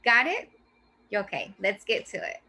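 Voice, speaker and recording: A woman teacher explaining a reading strategy to her class in a clear, slow, teacherly way. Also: medium pitch, big pitch swings, pushed and bright. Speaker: teacher presenting a reading lesson. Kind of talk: scripted classroom presentation.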